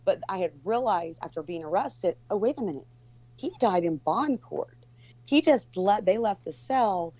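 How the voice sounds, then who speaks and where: A woman's voice: mid-range voice, expressive, normal speed, mellow, no room sound. A woman guest telling a story in casual talk, rambling with many restarts and fillers. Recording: dull lo-fi recording.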